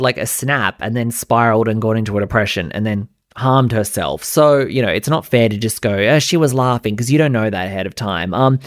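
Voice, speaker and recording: A man's voice: medium pitch, no echo, clean studio sound. A man hosting a podcast, giving blunt, sarcastic and profane commentary. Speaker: podcast host. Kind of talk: opinionated commentary.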